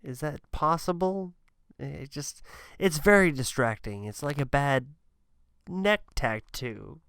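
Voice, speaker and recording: A man's voice: on the high side, slow pace, creaky, clear, resonant tone, no room sound, clean studio sound. A man giving sarcastic, mocking commentary on a wrestling clip. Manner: sarcastic, mocking, deadpan asides.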